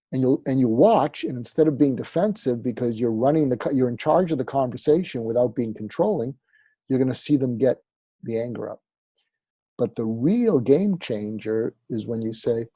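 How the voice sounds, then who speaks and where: A man's voice: mid-range voice, animated, normal speed, dark tone, breathy edge, no echo. A man, a psychiatrist and author, explaining advice as an interview guest in a conversational way, often with fillers. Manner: conversational, acts out sample dialogue, frequent fillers.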